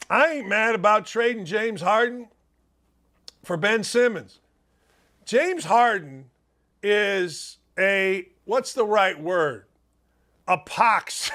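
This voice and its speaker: An older man from Gary, Indiana, hosts a sports talk show in a high, bright voice. His manner is emphatic and folksy, and he keeps drifting off on tangents.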